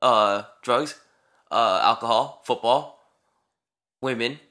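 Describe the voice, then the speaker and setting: A man's voice: medium pitch, slow pace, sharp tone. A young man in his late teens chatting casually as a co-host, teasing and sarcastic in his banter. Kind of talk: casual chat.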